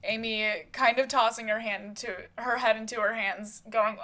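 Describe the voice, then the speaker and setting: A woman's voice: on the high side, fairly even intonation, moderate pace, hardly any pauses, fairly bright tone. A woman casually narrating her own home-made life-sim soap opera, adding chatty asides.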